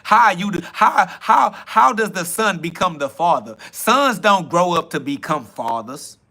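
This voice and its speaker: A man's voice: sits high, animated, unhurried, bright, forceful tone, full character voice. A man putting on the voice of a scornful male internet troll who taunts with repetitive jabs. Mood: mocking.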